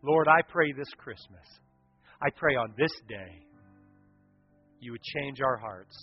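A pastor preaching a sermon, telling stories with animation and swinging from loud to hushed. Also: male voice, medium pitch, lively intonation, slow, breathy edge, faint music behind. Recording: dull lo-fi sound.

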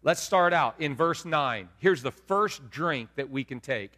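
A man preaching a lively sermon to his congregation, asking them questions as he goes. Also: a little high, unhurried. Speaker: pastor. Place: church sanctuary. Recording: long hall reverb.

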